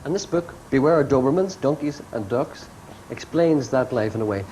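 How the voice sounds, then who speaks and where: A man hosting a television chat show, asking teasing, prodding questions and laughing quickly. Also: medium pitch, lively intonation, dark tone, low-quality recording. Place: TV studio. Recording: archive TV broadcast with faint background noise.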